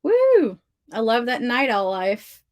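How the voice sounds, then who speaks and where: A woman's voice: medium pitch, unhurried, a bit bright, dry recording. Chatty Southern woman, dry close sound. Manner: chatty, gushing, heavy use of "like". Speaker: livestream host of writing sprints. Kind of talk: casual livestream chat, reading comments aloud. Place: her home office.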